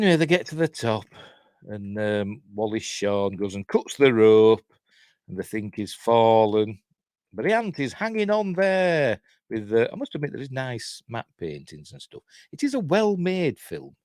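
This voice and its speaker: Rambling man, lively pitch. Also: unhurried, dry recording, clean studio sound. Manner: rambling, sardonic, chuckles often. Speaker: film reviewer. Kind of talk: casual film commentary.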